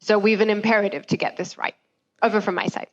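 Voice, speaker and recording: A woman giving earnest, measured closing remarks on a panel, speaking remotely over a video call. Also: mid-range voice, fairly even intonation, lo-fi sound. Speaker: panel speaker from humanitarian agency.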